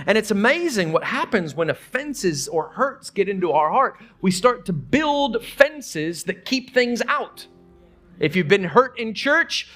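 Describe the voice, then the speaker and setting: A man's voice: high-pitched, lively intonation, moderate pace, a bit bright. A middle-aged man preaching a sermon, telling stories earnestly with frequent restarts and quoted conversations. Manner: earnest storytelling with many restarts and quoted dialogue. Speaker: pastor.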